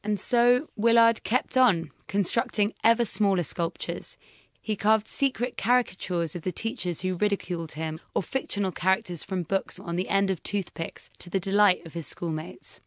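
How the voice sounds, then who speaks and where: A woman interviewing a guest and narrating a documentary, with measured, prompting questions. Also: mid-range voice.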